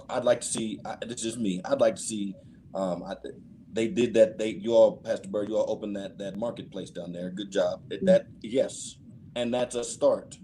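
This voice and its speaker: Man, panelist, low mellow voice, hesitant with restarts, firm conclusions, faint background noise. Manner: hesitant, many fillers and restarts, then firm. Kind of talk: panel discussion remarks.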